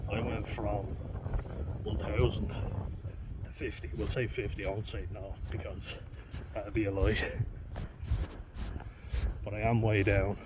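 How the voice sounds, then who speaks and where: A fairly low-voiced man talks casually to his camera as he walks outdoors, swearing and laughing at himself along the way. The sound is dull and lo-fi, with clear wind noise rushing behind him. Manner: chatty, swears and laughs often, self-mocking. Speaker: vlogger. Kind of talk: casual chat to camera on a walk. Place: outdoors on a country walk.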